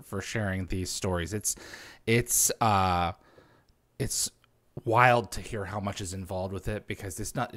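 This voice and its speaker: A man hosts a live interview show and thanks his guest with friendly appreciation. His voice sits fairly low but has a bright, forward edge. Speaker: podcast host.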